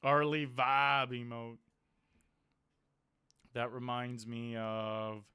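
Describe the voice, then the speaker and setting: Smooth-voiced man, casual poker stream chat. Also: mid-range voice, fairly even intonation, takes it slowly, long pauses, bright, forceful tone, no room sound. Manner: blunt, swears freely, self-mocking. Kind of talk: casual live-stream commentary.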